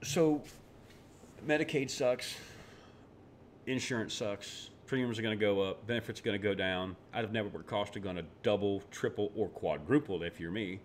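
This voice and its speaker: A man's voice: lowish voice, normal speed, a little hiss or hum. A man giving casual political commentary in a sarcastic, ranting way, tripping over words and restarting as he goes. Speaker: vlogger.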